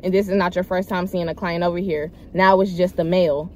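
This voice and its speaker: Her fairly low voice moves briskly against slight background noise. She's a young woman vlogging casually, emphatically recounting a personal story with loud quoted lines, rambling in slang and addressing viewers as y'all.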